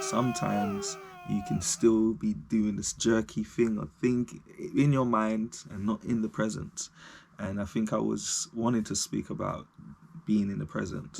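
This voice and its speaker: Man, reflective vlogger; unhurried, creaky delivery, stream-of-consciousness talk. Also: fairly low pitch, noisy background. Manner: reflective, rambling, laughs at himself. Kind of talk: unscripted talk to camera.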